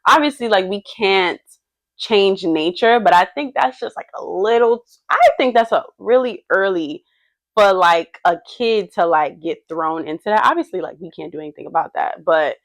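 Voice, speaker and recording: A woman's voice: mid-range voice, normal speed, no echo. A young woman hosting a podcast, telling stories animatedly and acting out what people said. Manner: animated storyteller, acting out quotes. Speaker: podcast host. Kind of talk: casual chat.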